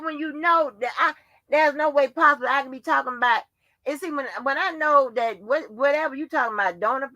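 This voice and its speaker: A woman with a high, pushed, bright voice is recorded dry. Hosting a livestream, she rants through a casual monologue full of profanity and exasperated rhetorical questions.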